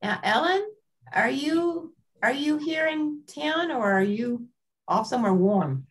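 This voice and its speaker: A woman's voice: high-pitched, animated, slow. A woman chatting on a video call with club members. She asks friendly, curious questions. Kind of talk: casual chat on a video call.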